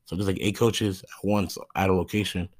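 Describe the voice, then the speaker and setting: A man's voice: low-pitched, level tone, brisk, darkish tone, no room sound, clean studio sound. A young man, a youth soccer coach, telling a rambling casual story full of fillers and restarts, losing his thread as he goes. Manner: rambling, loses his thread, lots of fillers like "you know what I mean".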